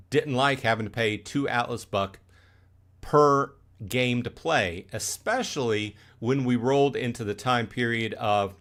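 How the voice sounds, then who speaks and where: A man hosts a casual livestream from a home setup. His voice sits in a middle pitch, and he rambles, restarts his sentences and checks in with "okay?" or "right?" He gets fired up as he explains things to his viewers. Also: fairly bright tone. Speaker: livestream host.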